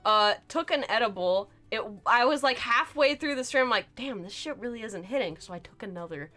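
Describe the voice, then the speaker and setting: Young woman streamer, casual chatty storyteller at a desk mic, slightly high voice. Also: fairly quick. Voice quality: animated storyteller, lots of fillers and swearing. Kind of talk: casual chat while drawing.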